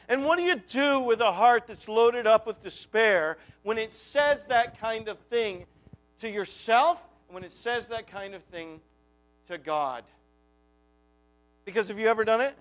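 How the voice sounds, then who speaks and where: Very high-voiced male preacher. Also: lively intonation, unhurried, fairly bright tone. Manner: conversational, full of rhetorical questions. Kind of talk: sermon. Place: church.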